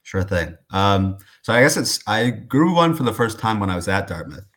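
A young man from Iowa, a rugby player, answering interview questions in a calm, modest, measured way with frequent ums. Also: fairly low pitch.

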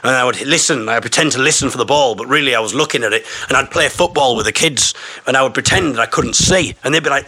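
A man tells a rambling, self-mocking story. His voice is bright and forward, and it is recorded dry, with almost no room sound. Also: mid-range voice, fast talker, husky, no echo. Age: 30s. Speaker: podcast host. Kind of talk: casual storytelling monologue.

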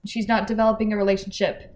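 Woman, book podcast co-host, casual chat, quick reactions. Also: medium pitch, level tone, a little mellow. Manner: chatty, chimes in with quick reactions.

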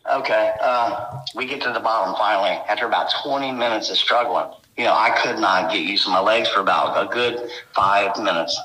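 Intense, bright-voiced man in an echoey room. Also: fairly low pitch, a little fast, hardly any pauses. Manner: rambling, intense, full of "you know". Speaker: guest recounting encounters. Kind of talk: emotional first-person storytelling.

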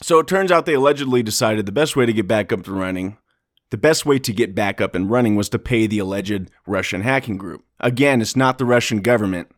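A man's voice: on the low side, a little fast, dry recording, clean studio sound. A man hosting a podcast, talking in a mock-serious, sarcastic way about the news. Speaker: podcast host. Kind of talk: sarcastic political comedy chat.

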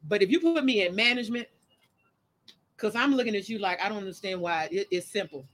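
A woman's voice: medium pitch, brisk, fairly bright tone. Candid, emphatic woman podcast host. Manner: candid, emphatic, laughs easily. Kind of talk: casual chat.

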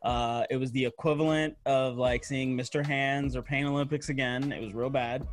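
A man's voice: mid-range voice, steady tone, normal speed, faint music behind. A man co-hosting a podcast, blunt and crude, joking around in casual chat. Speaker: podcast co-host.

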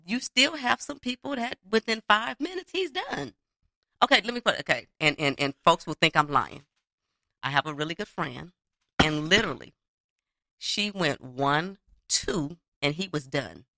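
Gravelly, bright-voiced woman telling a story. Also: lowish voice, moderate pace, dry recording, clean studio sound. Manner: animated storyteller, emphatic. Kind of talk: casual chat, storytelling.

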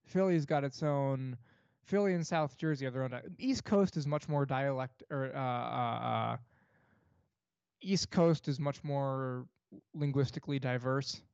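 A young man from New York State chats with a co-host in an even, middle-pitched voice, full of fillers and restarts. The sound is dry and a little dull, as on a cheap podcast mic. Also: unhurried, clean tone, dry recording. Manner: rambling, many fillers and restarts. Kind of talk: casual chat.

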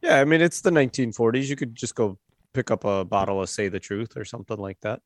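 A man's voice: medium pitch, quick pace, no room sound. Man running a tabletop game. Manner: relaxed, rambling narration with fillers. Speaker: game master.

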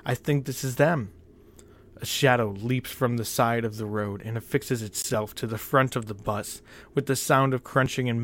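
A man narrating a first-person horror story in a measured, tense, often quiet way. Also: lowish voice.

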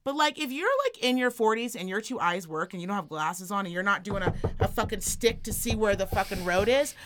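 A woman co-hosting a podcast, telling a comedic story in a sassy, profane, animated way. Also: medium pitch, a little fast, noisy background. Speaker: podcast co-host.

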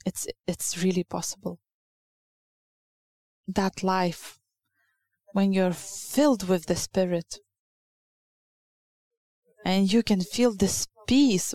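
Female preacher, English. Unhurried delivery, some fry, earnest and halting sermon. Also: medium pitch, darkish tone, no echo. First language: Lithuanian.

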